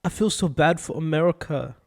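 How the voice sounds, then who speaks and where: A man putting on a Canadian accent, playing a soft-spoken, pitying Canadian man. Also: on the high side, brisk, creaky. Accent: put-on Canadian. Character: apologetic polite Canadian man.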